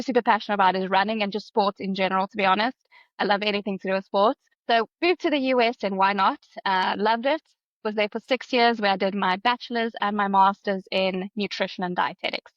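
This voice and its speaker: A woman in her thirties with a South African accent explains things in a friendly way and laughs easily. Her voice is dry and slightly muffled, with mid pitch. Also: fairly bright tone, dry recording. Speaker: guest, dietitian. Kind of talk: podcast interview.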